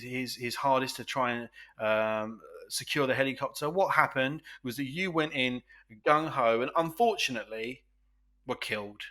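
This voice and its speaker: A man's voice: mid-range voice, sharp tone. A man co-hosting a podcast, arguing his own defence in a mock court with a pompous lawyerly manner.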